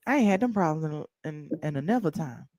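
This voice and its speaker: A woman hosting a casual chat, animated and emphatic, swearing freely. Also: low-pitched, brisk, no room sound, studio quality. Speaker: host.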